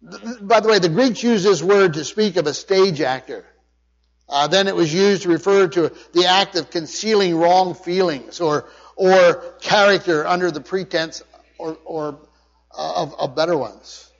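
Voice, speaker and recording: A man's voice: high-pitched, moderate pace. A male pastor preaching a sermon, emphatic, often restarting his words as he explains a passage. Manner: emphatic preaching with frequent restarts and word study. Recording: dull sound with long hall reverb.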